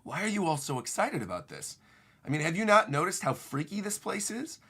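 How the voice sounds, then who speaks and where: A man's voice: high-pitched, very animated, fairly quick, pushed and bright, husky, exaggerated voice. A man reading aloud as a grumpy, nervous young woman navigator who complains in an exasperated way.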